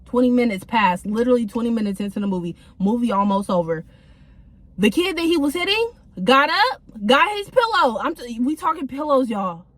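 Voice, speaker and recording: A woman's voice: on the high side, big pitch swings, fairly quick, a bit bright, dry recording. A young woman telling a casual storytime from her car, in a chatty, slangy way with many fillers. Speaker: vlogger.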